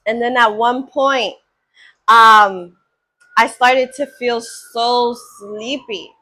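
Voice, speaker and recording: Woman card reader, higher pitch, unhurried, earnest, affirming spiritual tone. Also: fairly even intonation, pushed and bright. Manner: slow, earnest and affirming, often checks in with "right?". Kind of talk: spiritual oracle card reading.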